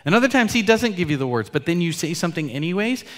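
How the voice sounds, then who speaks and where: Male pastor preaching, earnest, loud then hushed, long church-hall echo. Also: high voice, sing-song, fast talker. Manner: earnest, swings between loud emphasis and soft asides. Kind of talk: sermon.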